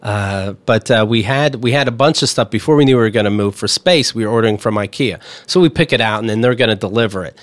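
A man's voice: on the low side, fast, few pauses, dry recording. A man hosting a podcast, telling a profane, ranting story in casual comedic chat. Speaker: podcast host.

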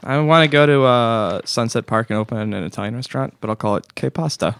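A man hosting a comedy podcast, delivering a deadpan mock talk-show monologue and breaking into laughs. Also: mid-range voice, quick pace, clean tone, no echo, studio quality.

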